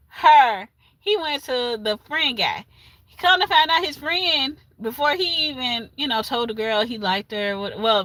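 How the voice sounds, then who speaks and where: Bright-voiced woman retelling a story. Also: fairly high pitch, dry recording. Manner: animated retelling with laughs and asides. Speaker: livestream host. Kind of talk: casual storytelling recap.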